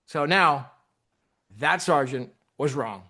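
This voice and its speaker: A man's voice: fairly high pitch, slow pace. A man hosting his channel, casually retelling a court hearing and acting out the people in it, with many restarts. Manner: animated, acts out quoted voices, many restarts. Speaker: host retelling a court case. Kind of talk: casual storytelling commentary.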